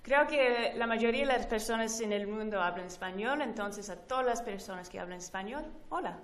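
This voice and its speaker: A woman's voice: fairly high pitch, quick pace. A woman co-hosting a live seminar who laughs often between lines. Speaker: co-host. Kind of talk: casual live seminar chat.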